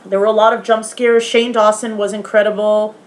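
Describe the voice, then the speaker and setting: A woman in a casual vlog, retelling a horror film's ending in animated detail, swearing often and now and then softly talking aside to her pet. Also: medium pitch, a little fast. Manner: animated, swearing, retelling scenes with quoted voices. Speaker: vlogger. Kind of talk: casual movie review vlog.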